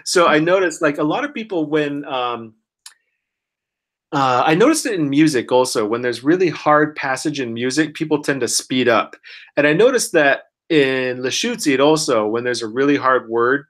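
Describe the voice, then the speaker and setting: A man teaching pronunciation one-on-one, encouraging and full of praise, modeling each word very slowly while sick and clearing his throat. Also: mid-range voice, animated, a bit bright. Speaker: language teacher.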